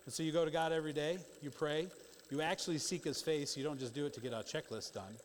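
A man preaching a sermon in a conversational, emphatic way, with quick asides to the congregation. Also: on the high side, slight background noise. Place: church sanctuary. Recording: long church-hall reverb.

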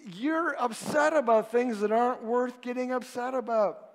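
A man's voice: extremely high pitch, steady tone, moderate pace, big-room sound. A male pastor preaching a sermon in a conversational way, posing rhetorical questions and swinging widely in emphasis.

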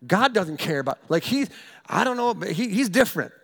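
A middle-aged pastor with a notably high voice delivers a storytelling sermon. He is animated and self-mocking, tripping over and repeating words as he builds to his point. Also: fairly quick, vocal fry, husky.

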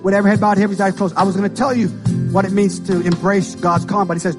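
A pastor in his fifties preaching an impassioned sermon, calling out to the congregation and rising into shouts. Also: sits high, flat delivery, very fast, loud music behind the voice. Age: 50s. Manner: impassioned, call-and-response preaching.

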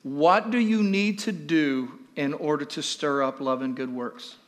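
A male pastor preaching a sermon to his church, animated and repeating questions to the congregation. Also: fairly high pitch, a little slow.

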